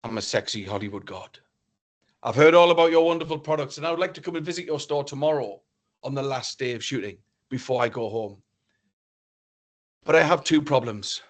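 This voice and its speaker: A man's voice: mid-range voice, brisk, close to an everyday voice. A man voicing a boastful male Hollywood film star on the phone. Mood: smug. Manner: boastful, self-admiring.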